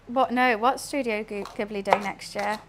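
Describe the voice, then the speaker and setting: A young British woman chatting casually while she cooks on a live stream, answering chat in a deadpan way. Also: medium pitch, normal speed, very noisy. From United Kingdom.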